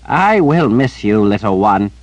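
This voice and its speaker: A man's voice: lowish voice, sing-song, measured pace, no room sound, voice pushed up, rough recording. A man doing a kindly old wizard. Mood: fond.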